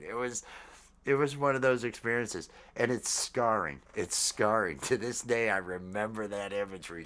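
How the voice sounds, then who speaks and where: A man in his fifties hosting a casual chat, rambling with halting fillers and frequent laughs. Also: mid-range voice, fairly bright tone. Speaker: podcast host.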